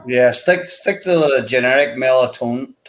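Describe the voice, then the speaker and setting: A man's voice: mid-range voice, moderate pace, rough recording. Rambling man on a video call. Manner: rambling, many 'you know' fillers. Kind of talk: casual chat.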